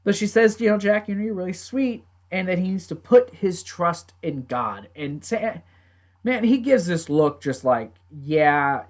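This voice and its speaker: A man talks through a TV episode in a casual, meandering recap, his voice sitting a bit high. He drifts off track and curses at his own setup now and then. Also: animated, unhurried. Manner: rambling, swears, talks to his mic. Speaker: TV show reviewer.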